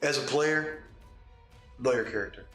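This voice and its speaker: A man's voice: medium pitch, unhurried, fairly bright tone, reverberant, soft background music. A man hosting a casual talk show as a game master, speaking emphatically and repeating points through rhetorical questions. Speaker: podcast host and game master.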